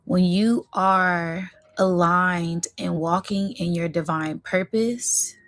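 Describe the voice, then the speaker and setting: A woman hosting a spiritual reading vlog, talking in a slow, effusive and emotional way, close to tears of joy and calling her viewers y'all. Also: lowish voice, steady tone, dry recording. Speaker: spiritual reading channel host.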